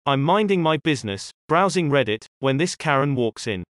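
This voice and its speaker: A man's voice: on the high side, lively intonation, normal speed, fairly bright tone, no room sound, clean studio sound. Man reading online stories aloud. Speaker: story reader.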